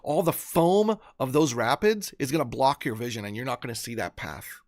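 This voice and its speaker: A man's voice: mid-range voice, expressive, normal speed, no echo, clean studio sound. A man hosting a live stream, giving an earnest motivational talk full of stories and restarts. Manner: earnest, storytelling, many restarts. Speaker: host.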